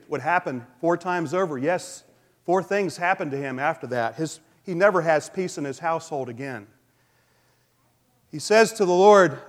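A male pastor preaching a sermon in a relaxed, conversational way, with frequent fillers. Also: a little high. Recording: long hall reverb.

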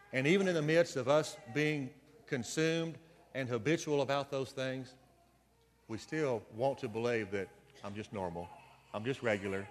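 Man, preacher, conversational sermon, mid-range voice, long church reverb. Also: mid-range voice. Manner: conversational, folksy, with storytelling asides. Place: church sanctuary.

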